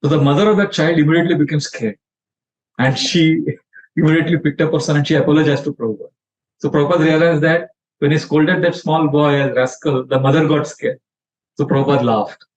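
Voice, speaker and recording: A man giving a scripture lecture as a spiritual teacher, narrating stories in an animated way and acting out the quotes. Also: on the high side, brisk. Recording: dull lo-fi sound.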